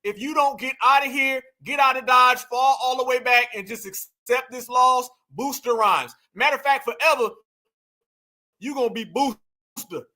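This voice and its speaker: A man with a very high, sharp voice gives mocking commentary. He laughs often and hammers the same phrases over and over. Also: moderate pace.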